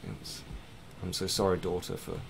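A man's voice: deep voice, monotone, moderate pace, creaky, background noise. A man giving casual, rambling, self-mocking commentary while playing a game, swearing now and then. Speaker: gaming let's-play host.

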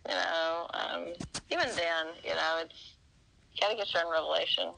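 A woman's voice: on the low side, fairly even intonation, moderate pace, creaky, bright, forceful tone, a little hiss or hum, poor audio. A woman in an effusive casual phone chat, telling stories and acting out what others said. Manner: effusive storytelling, acting out quoted talk. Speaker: phone caller.

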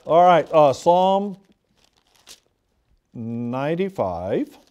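High-voiced man preaching a fervent sermon. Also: big pitch swings, drawn-out words, a little mellow, muffled recording. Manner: fervent, conversational preaching with emphatic repetition. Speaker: pastor.

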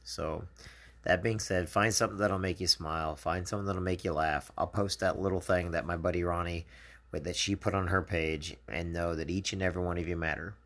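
A man speaks in a casual live video message, his voice sitting very low and rough with a gravelly fry. He talks earnestly to his viewers, offering encouragement and comfort in a plain, personal way. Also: steady tone, fairly quick, a bit bright. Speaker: channel host.

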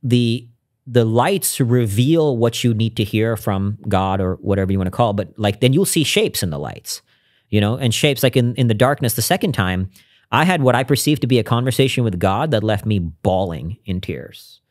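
A man's voice: lowish voice, lively intonation, moderate pace. A man speaking as a podcast guest, telling a personal story in an earnest, reflective way with frequent restarts.

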